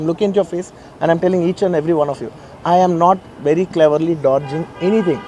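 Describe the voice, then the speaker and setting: Fast-talking earnest man, Telugu-accented English. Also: fairly high pitch, warm tone, rough recording. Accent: Telugu-influenced Indian English. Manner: earnest, repetitive, pleading insistence. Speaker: actor addressing the press. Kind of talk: press conference statement. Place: outdoors in a garden.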